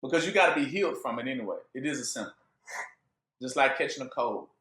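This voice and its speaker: Man, informal preacher, call-and-response delivery, animated, echoey room. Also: medium pitch, quick pace. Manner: call-and-response questions, joking, laughing. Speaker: bible teacher. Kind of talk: informal sermon.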